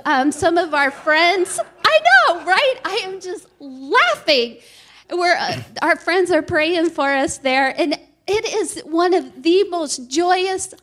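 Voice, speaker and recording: A woman sharing an earnest, animated testimony at a church talk. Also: high voice.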